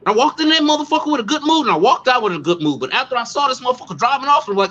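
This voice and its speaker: A man in a casual online talk, telling a story in a loud, profane and animated way, stumbling over repeated words. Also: very high voice, very fast, few pauses. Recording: dull lo-fi sound.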